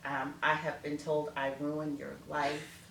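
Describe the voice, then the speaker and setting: A middle-aged woman speaking as an interview guest, an animated storyteller who acts out family conversations. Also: low-pitched, slow pace, gravelly. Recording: echoey room, distant from mic, faint noise.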